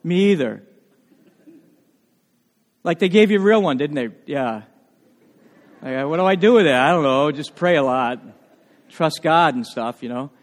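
A man preaching with a high, very lively voice that swoops up and down as he tells stories. He often restarts his phrases mid-thought. His voice rings out in a church hall with a long echo. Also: a little slow, pauses often. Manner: animated storytelling with frequent restarts. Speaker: pastor. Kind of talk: sermon.

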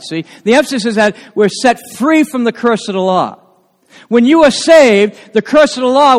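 High-pitched guy preaching in church, asks the crowd stuff, echoey hall. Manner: asks the congregation questions, stretches key words slowly. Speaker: pastor. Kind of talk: sermon.

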